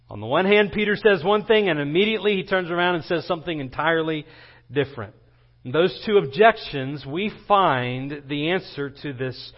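A pastor preaching a sermon, his intensity rising as he acts out quoted lines. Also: fairly high pitch. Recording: dull lo-fi recording.

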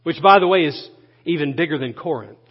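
A pastor delivers a sermon, his voice pitched a little high as he leans hard on repeated phrases and turns to his listeners with questions. His words ring out with a long reverb across the sanctuary. The recording itself sounds muffled and dull. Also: fairly quick. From Florida. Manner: emphatic preaching, repeating key phrases and asking the room questions. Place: church sanctuary.

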